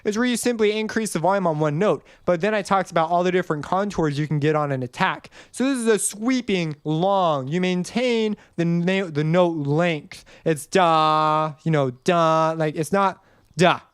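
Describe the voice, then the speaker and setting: A man's voice: high-pitched, moderate pace, few pauses, clean tone, no echo. A man hosting a casual music theory tutorial, explaining in a loose, rambling way and singing notes to show each marking. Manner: loose, rambling explanations, sings note examples. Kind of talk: casual screen-recorded tutorial.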